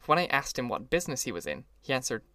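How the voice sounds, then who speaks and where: Man narrating a novel, dry and measured. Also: medium pitch, sing-song, pushed and bright, dry recording. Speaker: audiobook reader. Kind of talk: scripted narration.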